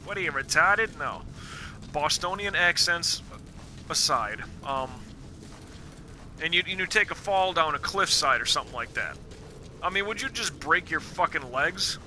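A man's voice: a little high, lively intonation, measured pace, bright, forceful tone, a little hiss or hum. A man streaming a video game live, chatting casually as he plays, joking and swearing while thinking aloud. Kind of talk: casual let's play commentary. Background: game music.

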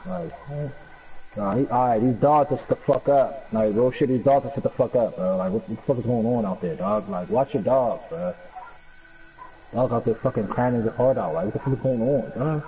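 A man's voice: medium pitch, moderate pace. A young man giving casual, profane, slang-heavy commentary while streaming a game. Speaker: gameplay streamer. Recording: dull lo-fi recording.

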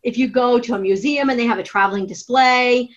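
A woman writing teacher giving a classroom grammar lesson, dictating each step slowly and deliberately. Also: a little high, muffled recording, soft background music. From United States. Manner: slow, deliberate dictation of steps.

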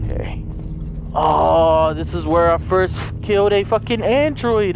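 A man playing a horror game and commenting live, swearing, shouting in panic, repeating himself and laughing. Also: on the high side, steady tone, slow pace, vocal fry. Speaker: let's play gamer. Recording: loud game music and effects behind.

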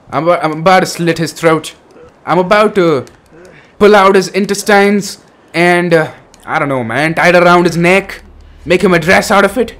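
Brief: young male gaming streamer, slightly high voice, excitable, swears a lot. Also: normal speed. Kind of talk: horror game commentary.

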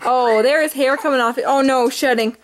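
A woman's voice: sits high, steady tone, a little fast. A young woman in her twenties chatting and giggling through a casual family vlog. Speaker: family vlogger and mother. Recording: noisy handheld camera audio.

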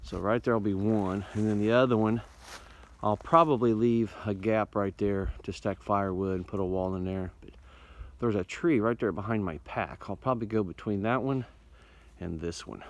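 A man's voice: fairly low pitch, moderate pace, gravelly, dry recording, low-quality recording. A man with an Indiana accent talking casually to his phone camera outdoors in the winter woods. He rambles in an easygoing, folksy way and is a little out of breath from hiking uphill. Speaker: bushcraft vlogger. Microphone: phone held in hand.

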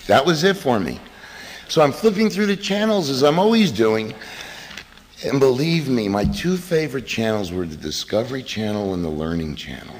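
Lively middle-aged man telling his story. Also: on the low side. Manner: animated storytelling with acted-out quotes and laughs. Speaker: recovery meeting speaker. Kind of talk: personal recovery talk at a meeting. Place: meeting hall. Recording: reverberant hall recording, faint noise.

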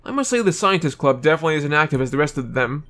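A man's voice: a little high, big pitch swings, rapid-fire, a bit bright. Man reading as an eager professor. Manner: reads dialogue aloud, stumbles over names. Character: eager male professor inviting a trainer.

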